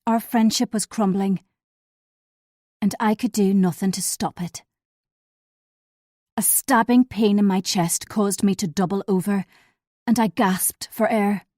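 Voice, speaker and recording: A woman narrating a first-person thriller audiobook at a measured, steady pace. Her voice is mid-pitched and mellow, with a darkish warmth. It is recorded close and dry, with no room sound. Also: no room sound.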